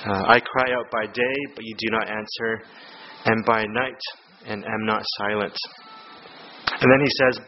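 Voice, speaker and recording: A man preaching a sermon in an earnest, conversational way, often checking in with "okay?" and filling pauses with "um". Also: fairly low pitch, muffled recording, slight background noise. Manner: earnest, frequent fillers and "okay?" check-ins.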